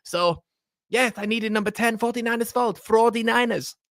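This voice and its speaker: Guy putting on a squeaky high football manager, slow broken english, always making excuses. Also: fairly bright tone, dry recording, clean studio sound. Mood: complaining.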